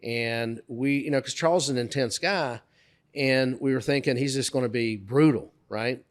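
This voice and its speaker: A middle-aged man of middle pitch, co-hosting a podcast and spinning stories from his working life. He talks casually, with fillers, and jumps higher and louder when he plays the bosses he quotes. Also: normal speed. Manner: lively anecdotes, raising his voice to act out quoted bosses. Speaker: podcast co-host. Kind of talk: casual storytelling chat.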